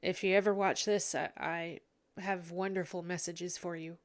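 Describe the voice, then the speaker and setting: A woman giving a psychic reading in a vlog, hesitant and full of pauses, tearful and sniffly. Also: on the low side, little pitch movement. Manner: hesitant, many ums and restarts. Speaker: psychic reader. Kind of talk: emotional psychic commentary vlog.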